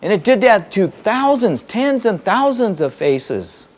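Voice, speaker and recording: A man's voice: high voice, very animated, measured pace. A man with a slightly raised voice delivering a spiritual teaching to a gathered audience. He drives each point with repetition and a string of rhetorical questions, speaking emphatically. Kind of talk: spoken teaching to a live audience. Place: hall in front of an audience.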